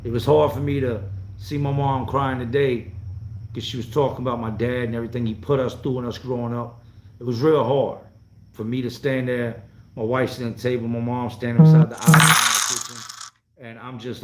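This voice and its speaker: A blunt, profane man in his 40s from North Carolina hosts a live stream as a vlogger, casually reading viewer comments in a loose, rambling way. His voice is medium-pitched and steady at a normal speed, with a roomy echo and a little hiss or hum in the recording.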